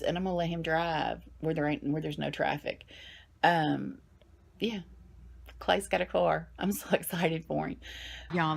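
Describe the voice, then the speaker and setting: Low-voiced woman chatting to camera. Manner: rambling, chatty, frequent restarts and fillers. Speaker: vlogger. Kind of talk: casual chat to camera.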